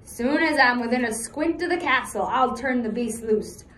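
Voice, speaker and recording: A woman reading as a huge, gruff outlaw. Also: on the high side, normal speed, fairly bright tone, roomy sound, close to an everyday voice. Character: huge rough male outlaw, gruff and menacing.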